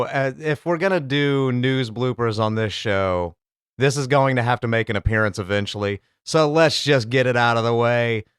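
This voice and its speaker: Man, casual crude commentary, crisp clear voice, dry close mic. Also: mid-range voice, a bit bright, no room sound. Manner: rambling, crude, laid-back. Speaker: comedic video commentator. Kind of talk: casual profane comedy commentary.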